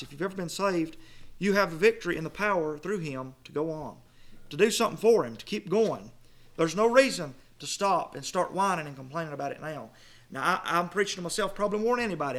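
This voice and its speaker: A middle-aged man preaching a sermon, swinging from loud emphatic phrases to low murmurs and reading scripture slowly. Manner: reads scripture in King James wording with slow stressed phrases.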